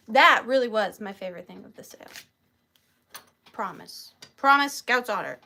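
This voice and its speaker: A woman's voice: on the high side, lively intonation, normal speed, vocal fry, pushed and bright. A woman in her thirties hosting a live vintage sale, chatting in a gushing, proud way. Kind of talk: casual live-sale chat.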